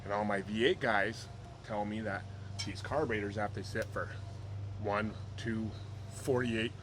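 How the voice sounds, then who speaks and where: Low-voiced man rambling in a garage vlog. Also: normal speed. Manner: rambling, offhand, jokey. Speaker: car hobbyist vlogger. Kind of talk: casual workshop vlog. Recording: noisy home video with steady background noise.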